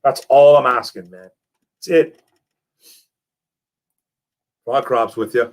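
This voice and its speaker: A young man hosting a casual live stream, reading chat messages and talking football in a lively, repetitive way, calling people man and bro. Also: mid-range voice, slow. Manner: animated, repeats himself, calls people man and bro.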